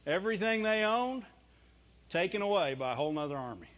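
A man's voice: high-pitched, expressive, brisk, a bit bright. A man preaching a sermon in a conversational style, asking rhetorical questions and answering them himself. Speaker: pastor. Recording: dull lo-fi recording.

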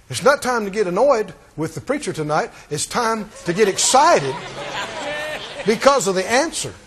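Very high-voiced man preaching in a hall. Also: sing-song, takes it slowly, pauses often, fairly bright tone, husky. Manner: emphatic, rousing, calls out to the congregation. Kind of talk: sermon.

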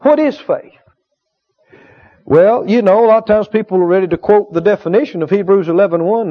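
Heard through a dull, lo-fi recording, a man who preaches and teaches at a healing school delivers an emphatic sermon. His high, ringing voice returns to key phrases again and again, with pauses inviting call-and-response from the congregation.

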